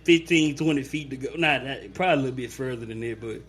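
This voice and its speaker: A man's voice: medium pitch, fast, a bit bright. A man co-hosting a casual podcast chat, telling stories animatedly, acting out quotes and laughing a lot. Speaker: podcast co-host.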